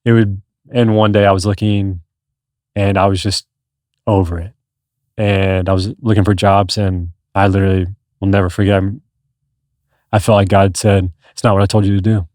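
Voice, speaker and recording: A podcast guest in his thirties tells his story in casual conversation, earnest and rambling with lots of restarts and long pauses. His lowish, darkish voice stays level at a normal speed, recorded dry and close with no room sound, with the loose flow of a podcast chat.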